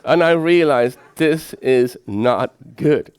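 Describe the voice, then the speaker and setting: Brief: middle-aged male lecturer, average pitch, dry close sound, chatty and anecdotal. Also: slow, clear, resonant tone, no echo. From Sweden. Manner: lively storyteller who asks the audience rhetorical questions. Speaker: professor lecturing.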